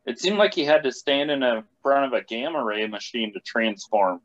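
A man in a casual podcast chat, talking in a halting, hesitant way with many restarts. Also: medium pitch. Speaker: podcast regular. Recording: dull lo-fi sound.

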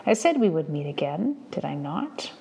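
A woman voicing a bullying adult male Indian Agent, menacing and mock-friendly, with a gravelly low voice. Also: big pitch swings, normal speed, dark tone, a little hiss or hum, exaggerated voice. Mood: whispered menace.

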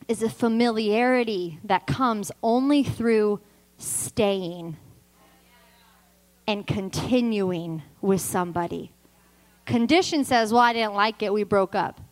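A woman preaching a sermon with passion, swinging from loud emphatic declarations to soft, intimate storytelling with touches of self-deprecating humor. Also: medium pitch, low-quality recording.

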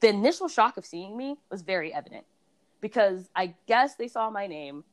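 A woman's voice: medium pitch, lively intonation, moderate pace. A woman in a casual conversation about beauty brands, a reviewer and blogger who tells her stories with animation and acts out other people's voices.

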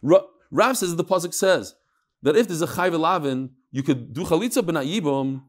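A man teaching a Talmud class in a study hall, explaining in English and mixing in Hebrew and Aramaic terms. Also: normal speed. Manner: animated, with sudden swings up and down in pitch.

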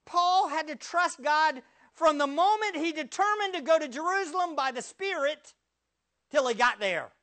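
A male pastor preaching a sermon, firing rhetorical questions at the congregation and swinging from loud bursts to hushed words. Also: extremely high pitch, expressive, moderate pace.

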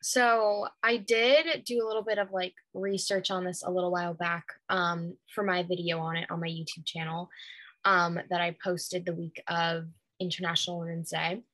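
A woman's voice: lowish voice, level tone, moderate pace, fairly bright tone, dry recording. A woman co-hosting a podcast in casual chat, chatty and laughing, with lots of fillers. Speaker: podcast co-host.

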